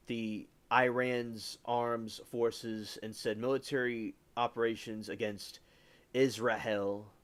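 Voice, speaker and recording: A man talks through the latest news on his livestream in a loose, casual commentary. He speaks very slowly and wanders as he goes, often stopping to correct himself mid-sentence. His pitch sits in an ordinary middle range. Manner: rambling, self-correcting. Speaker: livestream host.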